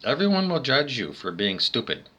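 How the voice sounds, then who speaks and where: A man's voice: mid-range voice, sing-song, moderate pace, bright, forceful tone, lo-fi sound. A man delivering a rambling monologue as a spiritual vlogger, talking indoors by a window, insulting listeners and repeating "I don't know" over and over. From Canada.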